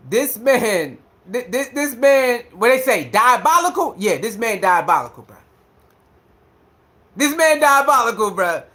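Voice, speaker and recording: A man with speech giving a casual, animated commentary rant, repeating himself and mocking others. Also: very high-pitched. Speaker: commentary streamer.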